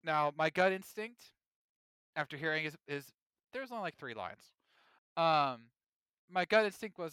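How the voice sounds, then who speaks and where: A man co-hosting a podcast, talking in casual chat with animated, emphatic ranting. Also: fairly high pitch, unhurried, long pauses, clear, resonant tone, dry recording. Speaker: podcast co-host.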